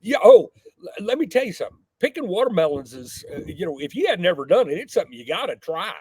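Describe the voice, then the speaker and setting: A middle-aged man, a podcast guest telling a folksy, animated story from his childhood. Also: high-pitched, fast, husky, dry recording. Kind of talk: casual storytelling.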